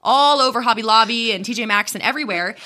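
Bright earnest woman podcast co-host. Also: a little high, quick pace. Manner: earnest, teaching, quotes scripture often. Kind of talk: conversational Christian podcast talk.

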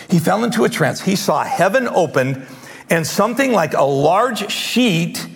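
A man preaches an emphatic sermon, acting scripture out as he goes. His fairly high voice swings widely in pitch for emphasis. A long hall reverb trails every phrase. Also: vocal fry. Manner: animated, emphatic, acts out scripture. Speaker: pastor.

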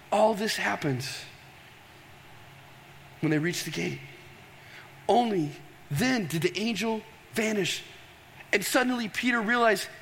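A man preaching a sermon, animated and storytelling, tossing questions to the congregation. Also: high-pitched, a little hiss or hum. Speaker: pastor. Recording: long reverb of a large hall.

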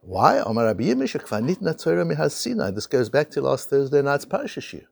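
A man's voice: mid-range voice, huge pitch swings, fairly quick, gravelly, darkish tone, husky, no room sound. A man teaching a Talmud class, telling the stories with animation and weaving in Hebrew and Aramaic terms. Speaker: Torah teacher.

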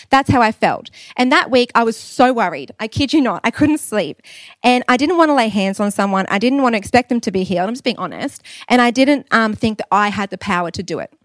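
An Australian woman in her thirties delivers a sermon, weaving in candid personal stories with easy humor. Her voice sits fairly high, and the recording is dry and close. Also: expressive, brisk, no echo. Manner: candid, humorous storytelling with laughs. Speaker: preacher.

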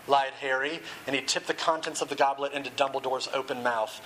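A man preaching a sermon in a quick, casual way, asking rhetorical questions and joking aside, then reading a story aloud. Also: mid-range voice, steady tone, sharp tone, slight background noise, rough recording. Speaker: pastor.

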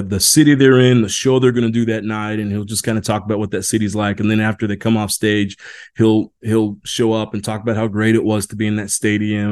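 40s guy from indiana talking leadership on his podcast, kinda low voice, rambles and restarts a lot, says y'all. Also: a little mellow. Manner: rambling, many restarts and fillers, folksy "y'all". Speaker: podcast host. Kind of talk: casual monologue.

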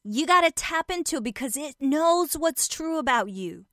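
A woman's voice: sits high, expressive, normal speed, fairly bright tone, dry recording, studio quality. A woman giving a motivational self-help talk, speaking emphatically, repeating her points and addressing the listener directly as a friend.

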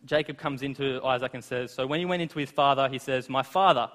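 A man preaching a sermon, retelling scripture in lively everyday words with asides to the listeners. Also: mid-range voice, fast talker. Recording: long reverb of a large hall.

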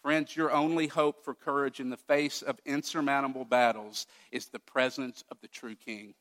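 Bright-voiced emphatic preacher man. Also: mid-range voice, steady tone, moderate pace. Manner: emphatic, swinging between loud declarations and hushed asides. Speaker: pastor. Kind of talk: sermon.

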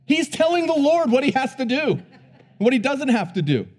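A man preaching a sermon who swings between hushed, low emphasis and loud, emphatic bursts, repeating words as he builds each point. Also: sing-song, normal speed.

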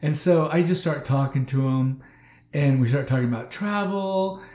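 A man who drives for a rideshare service, telling stories in a casual, animated chat full of "like". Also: a little high, moderate pace. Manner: animated, laughing, leans on "like". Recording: roomy echo.

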